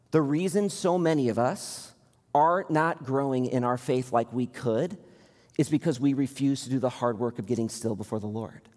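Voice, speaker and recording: Earnest pastor in a reverberant hall. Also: male voice, medium pitch, a little mellow. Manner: earnest, rising to impassioned appeals. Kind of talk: sermon.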